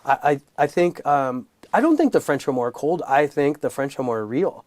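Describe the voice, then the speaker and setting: A man's voice: medium pitch, moderate pace, no echo. Punchy comedian man, dry close sound. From United States, raised in Los Angeles. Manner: animated, punchy storytelling with comic emphasis. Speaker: comedian guest. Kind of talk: candid conversational interview.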